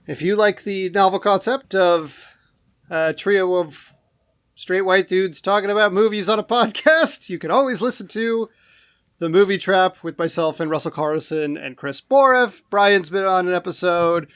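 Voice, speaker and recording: High-voiced laid-back male co-host. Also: normal speed, a bit bright, clear, resonant tone. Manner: laid-back, slangy, joking. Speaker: podcast co-host. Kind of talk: casual chat.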